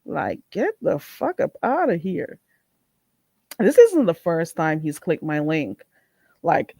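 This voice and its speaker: Woman livestream host, blunt and mocking rant, very animated pitch, dry close sound. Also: measured pace, no echo. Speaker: channel host.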